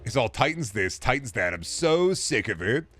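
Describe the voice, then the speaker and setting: A man's voice: medium pitch, sing-song, moderate pace, fairly bright tone, soft background music. A man streaming a video game, chatting casually, joking and rambling with bursts of profanity. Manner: joking, rambling, profane, drops into silly voices. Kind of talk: casual gaming stream chat.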